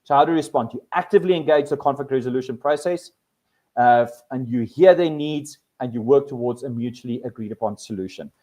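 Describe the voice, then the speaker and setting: Male presenter, animated workshop delivery, restarts and repeats words. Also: medium pitch, a little fast. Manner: animated, acts out quoted people with voice changes. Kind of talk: live workshop talk.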